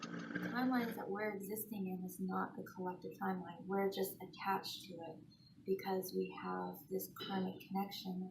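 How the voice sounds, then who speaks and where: A woman calmly explaining a spiritual idea in a gravelly voice. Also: mid-range voice, a little hiss or hum, poor audio.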